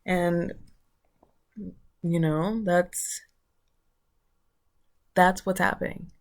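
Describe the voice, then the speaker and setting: A woman's voice: fairly low pitch, fairly even intonation, very slow. A woman vlogger giving a casual spiritual talk, loose and searching as she thinks aloud.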